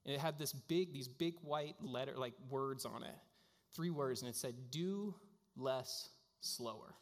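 Chatty pastor in a reverberant hall. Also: male voice, medium pitch, moderate pace. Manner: casual storytelling with frequent fillers. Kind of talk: sermon.

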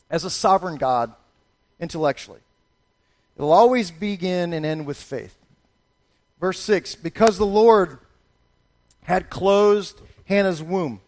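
A middle-aged male pastor preaching a sermon, animated and storytelling, slipping into playful voices for the people in the passage. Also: high-pitched.

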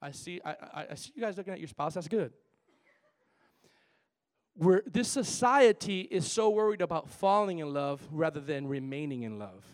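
Animated high-voiced male preacher. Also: moderate pace. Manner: animated, playful, shifts from loud to soft. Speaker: pastor. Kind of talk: sermon.

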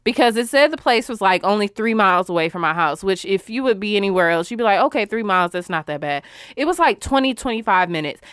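A woman hosting a casual talk show, telling a story in an animated, exasperated, profane way. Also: mid-range voice, fast talker, hardly any pauses, clear, resonant tone, dry recording, studio quality.

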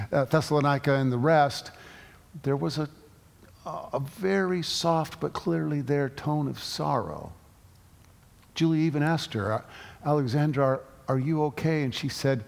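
A middle-aged man preaching a sermon, telling personal stories with halting restarts. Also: on the high side, creaky, darkish tone. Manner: storytelling, halting with frequent restarts. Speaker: pastor. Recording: long reverb of a large hall.

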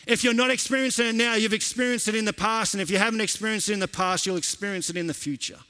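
A man's voice: sits high, fairly even intonation, fast talker, pushed and bright. A male pastor preaching a sermon to a church congregation, telling a story earnestly and building to impassioned emphasis.

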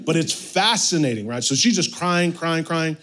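A man in his thirties, a pastor preaching a sermon and telling a family story with animated, sudden shifts between loud and soft. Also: fairly high pitch, moderate pace.

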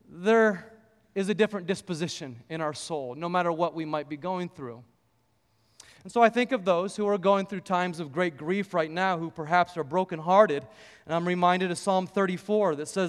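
A man's voice: high voice, fairly bright tone, big-room sound. A male pastor preaching a sermon in a church, telling a story and rising into fervent scripture quotes. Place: church sanctuary.

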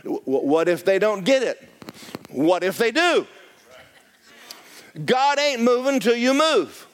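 Animated preaching man, lively pitch. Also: slow, smooth. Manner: animated preaching, swinging from hushed to shouting. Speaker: pastor. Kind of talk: storytelling sermon. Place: church sanctuary.

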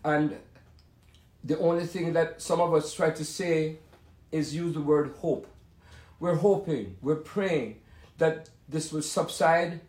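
A man's voice: a little high, darkish tone, roomy sound. A man in his seventies with a Jamaican accent, a musician reminiscing at home in a rambling, showman-like monologue. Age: 70s. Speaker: musician hosting a talk session.

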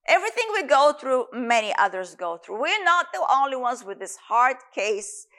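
Woman preacher, high voice, earnest and emphatic sermon delivery. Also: big pitch swings, normal speed, a bit bright.

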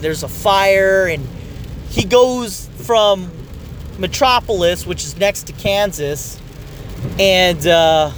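High-voiced man ranting casually. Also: slight background noise. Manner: profane, rambling and animated. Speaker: movie reviewer. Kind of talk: casual movie rant.

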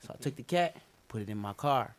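Laid-back man with lively pitch. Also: fairly quick. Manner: laid-back storyteller, laughs often, drops low when telling stories. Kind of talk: casual chat.

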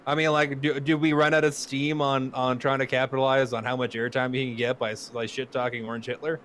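A man's voice: mid-range voice, level tone, brisk, fairly bright tone, slight background noise. A man co-hosting a podcast in casual chat, ranting in a sarcastic and profane way. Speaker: podcast co-host.

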